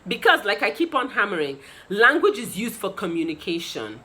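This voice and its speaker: A woman in her thirties with a Nigerian accent and a bright, forward voice teaches an English lesson straight to camera. She explains things articulately, leaning on emphatic rises to stress her points. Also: mid-range voice, sing-song, normal speed, low-quality recording.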